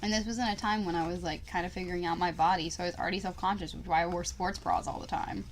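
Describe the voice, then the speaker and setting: Rapid-fire and fairly low in pitch, a young woman spins an energetic, foul-mouthed story while co-hosting a podcast, leaning heavily on "like" in the casual back-and-forth.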